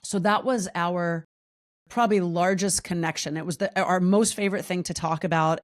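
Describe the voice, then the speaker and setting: A woman in her forties, a guest on a podcast, telling a personal story candidly and lively, jumping high in pitch when she acts out what people said. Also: normal speed. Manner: animated, acts out quoted voices with big pitch jumps. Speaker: podcast guest, wellness coach.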